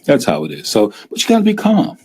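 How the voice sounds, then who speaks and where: A middle-aged man hosting a casual live-stream talk show, animated and often acting out scared investors in a raised voice. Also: medium pitch, fast talker, breathy edge. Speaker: host.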